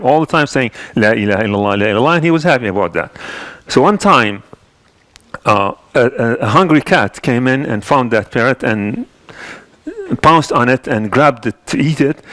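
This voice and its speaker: A man's voice: mid-range voice, fairly bright tone, no echo. A man giving a Friday sermon as imam, talking earnestly with many restarts and repeated words. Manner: earnest, repetitive with frequent restarts and fillers. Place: mosque.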